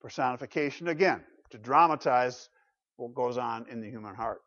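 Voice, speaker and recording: A man preaching a sermon with dramatic rhetorical questions, swinging from loud to quiet. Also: medium pitch, normal speed. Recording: dull lo-fi recording.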